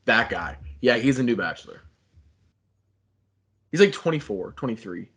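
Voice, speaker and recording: A man's voice: medium pitch, very animated, normal speed, a bit bright, a little hiss or hum. A young man, a podcast co-host, animatedly retelling a story in casual chat, swearing a lot and saying "like" constantly.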